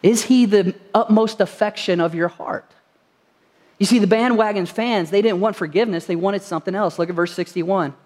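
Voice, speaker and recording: A man's voice: high voice, moderate pace, a little mellow, big-room sound. A male pastor preaching a sermon to his congregation in a church, telling stories earnestly and asking rhetorical questions. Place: church sanctuary.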